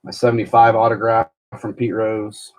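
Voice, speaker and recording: A man with a lowish, slightly mellow voice speaks at normal speed in a flat delivery. He's chatting casually on a live stream about his baseball card collection, rambling as he reads viewers' comments aloud and answers them.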